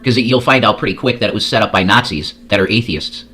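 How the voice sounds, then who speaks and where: A man's voice: lowish voice, quick pace, sharp tone, slightly rough. A man hosting a casual reaction show, talking crudely and rambling, repeating words as he goes. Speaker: host.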